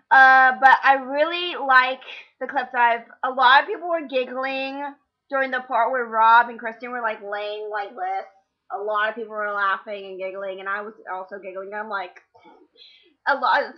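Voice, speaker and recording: A teenage girl vlogging a casual movie review, rambling and excitable with lots of fillers. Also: a little high, highs cut off. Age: teens.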